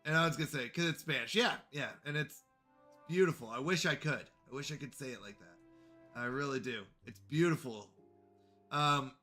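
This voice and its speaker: A Canadian man streams a game and chats casually with his viewers in a friendly way, talking directly to chat. His voice is medium-pitched with a sharp tone and a moderate pace, with faint music behind him.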